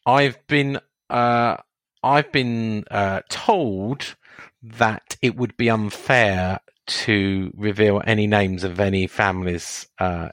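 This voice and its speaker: A man co-hosting a casual podcast, answering questions in a measured, guarded way. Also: on the low side, fairly even intonation, a bit bright, no room sound, clean studio sound. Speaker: podcast co-host.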